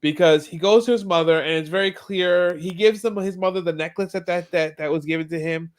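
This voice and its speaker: A podcast co-host with a high, clear, resonant voice talks fairly quickly. He's animatedly retelling a TV episode in casual chat, performing the characters' lines as he goes.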